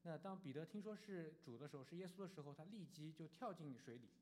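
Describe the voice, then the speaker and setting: A man interpreting a sermon phrase by phrase, quick and halting, with fillers. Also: fairly high pitch, expressive, a little mellow, slight background noise.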